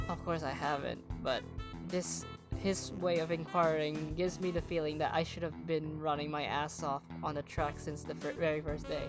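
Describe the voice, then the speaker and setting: A woman's voice: low voice, fairly even intonation, normal speed. An Australian woman streamer reading a visual novel aloud and chatting between the lines. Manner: chatty, breaks off to comment between read lines. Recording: guitar music behind.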